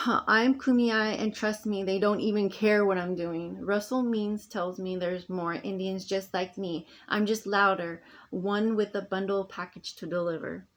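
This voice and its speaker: A woman records a rambling personal vlog, speaking at a mid pitch. She talks emphatically, restarts her sentences often and lets them trail off. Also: steady tone, a little slow, few pauses. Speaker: vlogger.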